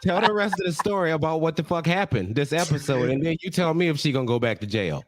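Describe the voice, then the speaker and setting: Blunt, teasing man with a lively voice. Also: on the high side, fast, background noise. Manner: blunt short quips, dry teasing. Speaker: podcast co-host. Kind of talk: casual chat.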